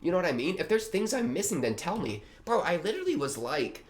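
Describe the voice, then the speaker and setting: A man's voice: high-pitched, sing-song, quick pace, few pauses. A young man hosting a reaction video, talking in a rambling, slangy way with lots of fillers. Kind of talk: casual reaction commentary.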